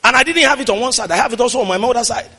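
A man with a Nigerian accent preaching a fiery sermon as pastor, swinging from quiet talk to shouted declarations. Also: very high voice, racing, big-room sound.

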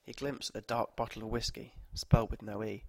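A man narrating short stories aloud at a measured, steady pace. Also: lowish voice, gravelly, no echo.

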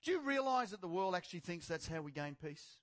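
A man preaching a sermon, passionate and theatrical, jumping from shouted points to quiet, sarcastic asides, on a mic clipped near his chin. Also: sits high, very animated, fairly quick. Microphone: clip-on or headset mic near the chin.

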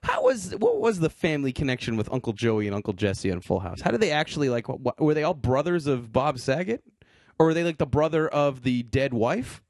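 A man's voice: mid-range voice, wildly swooping pitch, a little fast, dry recording, studio quality. A man co-hosting a casual podcast chat, rambling and joking with plenty of fillers. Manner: rambling, jokey, lots of fillers. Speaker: podcast co-host.

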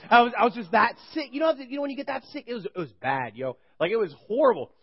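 A man's voice: very high-pitched, sing-song, fast, breathy edge, lo-fi sound. A man giving a casual, rambling sermon to college students at a live campus gathering, chatty and full of joking asides. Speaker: campus ministry preacher.

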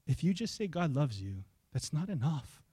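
A young adult male pastor, preaching a sermon in an animated, conversational way and asking the congregation questions. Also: fairly high pitch, normal speed, slightly rough, no echo.

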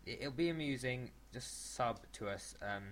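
A man's voice: mid-range voice, animated, moderate pace, a bit bright, a little hiss or hum. A man co-hosting a casual podcast, chatting in a rambling way and often restarting his sentences. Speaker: podcast co-host.

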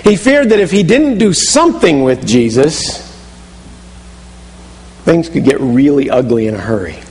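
A man's voice: a little high, sing-song, measured pace, a little mellow. Preaching man in a reverberant hall. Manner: vivid second-person storytelling, frequent restarts. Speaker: pastor. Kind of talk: sermon.

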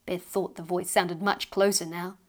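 Expressive woman reading a children's story. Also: fairly low pitch, normal speed. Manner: expressive, lively.

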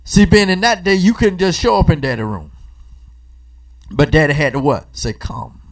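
A man delivers a call-and-response sermon, questioning the congregation and waiting for their replies. He alternates between loud, emphatic bursts and quiet asides, using a colloquial church cadence, and his pitch is fairly high.

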